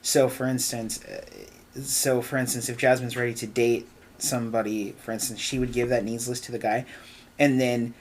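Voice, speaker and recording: A man's voice: mid-range voice, flat delivery, normal speed. A man hosting a casual group discussion as youth leader, thoughtful and steering the talk.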